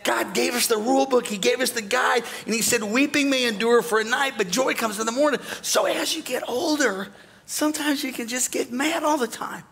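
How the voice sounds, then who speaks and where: A man preaching a sermon as pastor, joking with the congregation and bursting into shouts and mock voices. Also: very high voice, a little fast, gravelly. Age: older.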